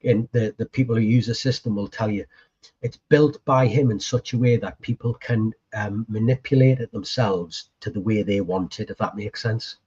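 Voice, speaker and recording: A man's voice: fairly low pitch, moderate pace, darkish tone, husky, lo-fi sound. A man telling a story in casual conversation, chatty and swearing freely as he acts out past conversations. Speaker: podcast co-host appearing as guest.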